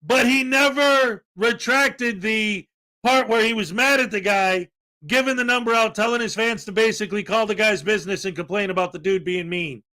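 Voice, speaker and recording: At a moderate pace, a podcast host with a high, pushed, bright voice wanders through a story in casual commentary. He laughs along the way and performs other people's quotes.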